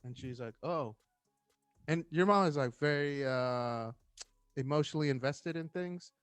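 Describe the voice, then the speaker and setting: A man's voice: a little high, a little slow, clean tone, no echo, soft background music. A man in his thirties, a firefighter guest, telling a story in casual chat and acting out the voices of the people in it.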